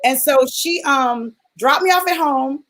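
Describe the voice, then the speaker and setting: A woman talks in a relaxed panel chat. She tells her story with feeling and acts out the voices of the people in it. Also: high-pitched, unhurried, rough recording. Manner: animated storytelling, acting out quoted voices. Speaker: panelist sharing a personal story. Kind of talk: casual chat.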